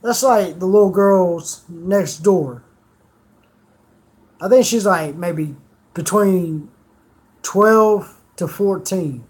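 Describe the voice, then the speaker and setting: A man's voice: high-pitched, very slow, long pauses, darkish tone. A man streamer telling rambling stories in casual chat, swearing freely.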